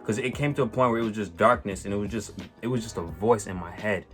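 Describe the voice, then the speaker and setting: A man telling a personal story on his vlog in a casual, animated way, swearing and using lots of slang, with many restarts. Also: fairly low pitch, quick pace. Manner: animated, profane, slang-heavy, rambling with restarts. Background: faint music.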